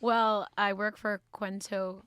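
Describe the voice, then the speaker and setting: A woman's voice: medium pitch, level tone, slow pace, a crowd in the background. A woman guesting on a casual podcast as a comic book writer, chatty and playful, laughing easily.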